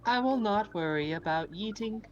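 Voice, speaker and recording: A woman's voice: mid-range voice, lively intonation, moderate pace, muffled recording, voice pushed up, close to an everyday voice. A woman reading the lines of a formal, polite alien man in a video game, with stiff, careful phrasing.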